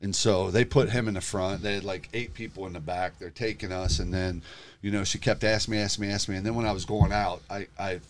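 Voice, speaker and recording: A middle-aged man telling a story in casual chat, animated and emotional, swearing freely. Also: fairly low pitch, fast talker, a little hiss or hum. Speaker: guest telling his story.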